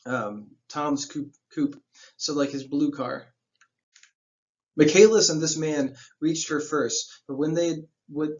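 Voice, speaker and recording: Male teacher reading a novel aloud, slightly high voice, casual slangy asides, dull lo-fi recording. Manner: stops reading to explain the plot in plain slang.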